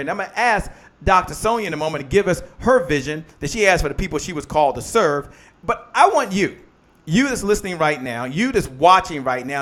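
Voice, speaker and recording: A man's voice: on the high side, lively intonation, fast. A man hosting a live motivational business show, preaching in call-and-response and greeting viewers by name. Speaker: host.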